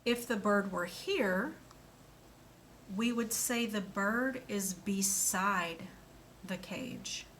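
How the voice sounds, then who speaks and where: A woman speaks slowly and clearly in a bright voice, leading a young child through a lesson. Her pitch swings up and down in a sing-song way as she asks questions and praises answers. A faint room hum sits behind her. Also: animated. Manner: slow, clear, sing-song and encouraging, with animal sounds. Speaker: speech therapist.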